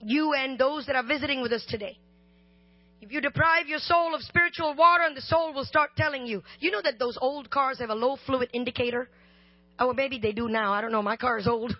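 A woman preaching a sermon, chatting and joking before rising into loud, slow shouted lines. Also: sits high, dry recording. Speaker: guest preacher. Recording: slightly dull, dry sound.

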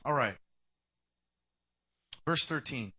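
A man preaching a sermon, animated and conversational, acting out short bits of dialogue and swinging between loud bursts and quiet asides. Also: mid-range voice, takes it slowly, husky.

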